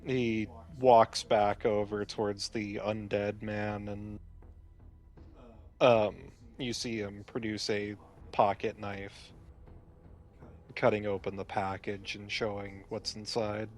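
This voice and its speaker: A man narrates a tabletop role-playing session as its storyteller, speaking slowly and deliberately in a lowish voice. Faint music plays underneath him. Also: little pitch movement.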